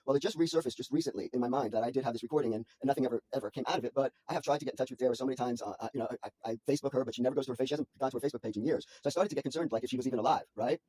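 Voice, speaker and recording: A man's voice: medium pitch, dark tone, a little hiss or hum. Sped-up rambling man on a phone call. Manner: halting, repeats words, restarts sentences; anxious, frantic storytelling. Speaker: son on a phone call to his mother.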